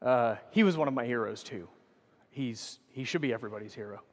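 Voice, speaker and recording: A man's voice: mid-range voice, a little fast. Rambling man telling stories in a reverberant hall. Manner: rambling anecdotes with swearing and self-corrections. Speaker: keynote speaker. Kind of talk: conference keynote storytelling. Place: conference hall stage. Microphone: stage microphone.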